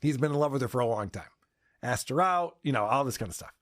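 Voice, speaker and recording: A podcast host recaps a feud with crude, laughing sarcasm in a mocking commentary. His voice is medium-pitched and fairly bright, with lively intonation and a quick pace. The recording is dry, with clean studio sound.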